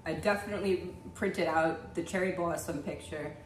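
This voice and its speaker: A woman's voice: lowish voice, normal speed, roomy sound, far from the mic, slight background noise. A young woman hosting a casual comedic reaction to comments, blunt and laughing often.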